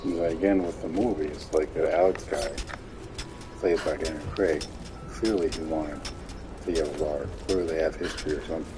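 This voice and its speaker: A man's voice: extremely low pitch, steady tone, fairly quick, background noise. A man giving casual, mocking commentary over game footage, laughing often.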